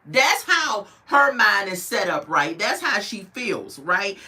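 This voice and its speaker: Animated woman with bright, lively delivery. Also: mid-range voice. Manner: animated, talks to viewers as "y'all" and "baby"; mimics the people she discusses in quick quoted voices. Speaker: reality show reviewer. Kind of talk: casual commentary.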